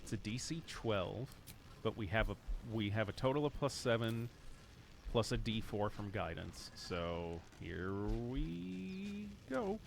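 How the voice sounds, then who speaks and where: A man's voice: fairly low pitch, measured pace, background noise. A man streaming a video game, thinking aloud in a casual, rambling way with lots of fillers. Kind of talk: casual live-stream gameplay commentary.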